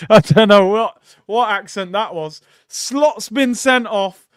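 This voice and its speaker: Man, watchalong host; high, smooth voice, excitable, shouty live reactions. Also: takes it slowly, no echo, clean studio sound. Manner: excitable, bursts into loud shouts; chatty, addresses viewers as "people".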